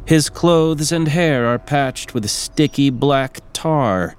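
Fields: Sex: man. Role: narrator. Style: steady scripted narration. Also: a little high, slow, smooth. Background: music.

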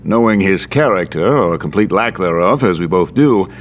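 Actor voices a courtly frontier gambler, ornate phrasing, lively low voice. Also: male voice, moderate pace, a little hiss or hum. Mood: polished, amused. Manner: courtly, flowery, drops French words. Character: suave older male gambler, saloon owner, genteel. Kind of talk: audio drama acting.

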